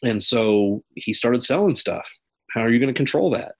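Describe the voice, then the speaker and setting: A military veteran, interviewed casually, tells stories in a rambling way, repeating himself and circling back with fillers. His medium-pitched voice is animated and gravelly with a breathy edge, at a moderate pace.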